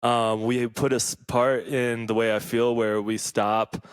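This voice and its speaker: A man co-hosting a podcast, telling a story in casual chat. His pitch sits in an ordinary middle range and his voice is dry and close. He is animated and swears freely. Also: measured pace, clean tone, no echo. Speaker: podcast co-host and band member.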